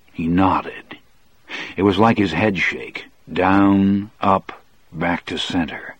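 A man narrating a novel in the first person as an audiobook, in a measured, deliberate way. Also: deep voice, breathy edge, no room sound.

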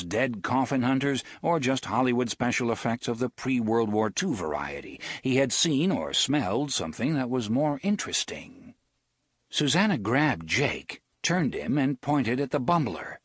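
A man narrates a story with an expressive, theatrical delivery. His voice is husky with lively pitch. The recording is dry and close. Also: normal speed, no echo. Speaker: audiobook narrator. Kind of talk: scripted narration.

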